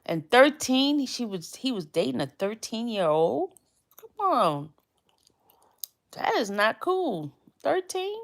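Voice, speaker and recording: A woman's voice: on the high side, sing-song, a little slow, few pauses. A woman hosting a casual live stream, chatting in a rambling way and often repeating phrases.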